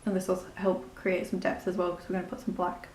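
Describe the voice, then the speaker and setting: A woman's voice: lowish voice, monotone, brisk, a little mellow, reverberant, slight background noise. A woman talking through a makeup tutorial in a chatty, rambling, self-deprecating way. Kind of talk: casual step-by-step tutorial narration.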